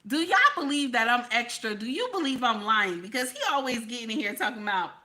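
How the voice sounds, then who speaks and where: A woman hosting a casual livestream chat, animated and playful, teasing her viewers and tossing in "okay?" again and again. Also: fairly high pitch, fairly quick. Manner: keeps repeating "okay?". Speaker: livestream host.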